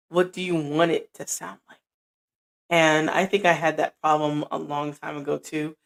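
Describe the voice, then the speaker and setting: A middle-aged woman with a deep, soothing, grounded voice, giving a casual motivational talk and acting out both sides of conversations. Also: level tone, normal speed, vocal fry. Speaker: podcaster. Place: indoor room at night.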